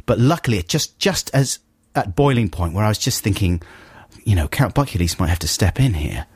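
An animated radio host chatting and telling a story with a lot of swoops in his pitch. He laughs easily. The sound is dry and close. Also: a little fast, slightly rough, dry recording. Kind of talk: casual chat.

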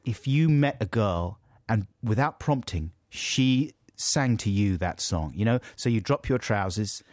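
A man's voice: fairly low pitch, animated, unhurried, a little mellow, no echo, studio quality. A man co-hosting a comedy podcast, playfully reading out listener letters and laughing often in casual chat. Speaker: podcast co-host.

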